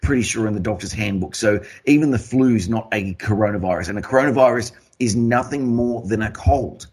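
Ranting Australian man, husky voice. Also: fairly low pitch, a little fast, darkish tone. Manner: ranting, emphatic, swearing. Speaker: podcast host. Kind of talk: casual conspiracy talk show.

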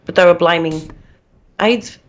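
A woman's voice: on the low side, measured pace. A woman co-hosting a podcast in casual chat, rambling and emphatic, laughing at her own points. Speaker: podcast co-host. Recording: dull lo-fi audio.

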